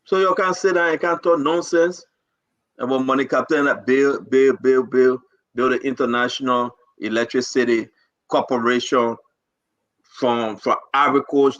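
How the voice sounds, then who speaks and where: A man's voice: mid-range voice, moderate pace, a bit bright, highs cut off. A man with a Liberian English accent, hosting a live talk show and pleading his case with passion and repetition.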